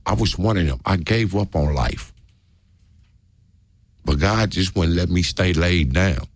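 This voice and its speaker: Deep, gravelly man preaching earnestly. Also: unhurried, dry recording. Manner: earnest, preachy, repeats key phrases. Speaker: discussion participant. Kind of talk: casual group discussion.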